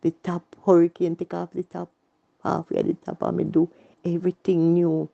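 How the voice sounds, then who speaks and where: A woman's voice: fairly low pitch, little pitch movement, normal speed, vocal fry, dark tone, dull audio. A woman with a Jamaican accent telling her personal story in earnest, repetitive Patois. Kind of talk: emotional personal testimony.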